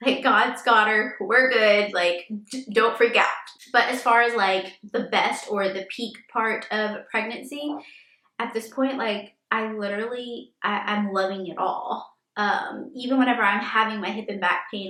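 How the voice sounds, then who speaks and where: A woman's voice: mid-range voice, steady tone, unhurried, sharp tone. A woman in her thirties, a first-time mom, answering viewer questions in a chatty vlog, filling her talk with frequent "like"s. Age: 30s. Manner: chatty, filler-heavy with frequent "like". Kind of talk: casual Q&A vlog. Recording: echoey room.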